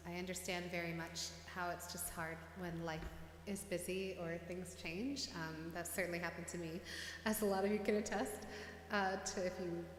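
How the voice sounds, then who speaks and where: A woman's voice: fairly low pitch, slight background noise. Chatty woman musician in an echoey room. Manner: chatty, rambling, self-deprecating, laughs often. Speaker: musician hosting a livestream. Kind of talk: casual chat between songs.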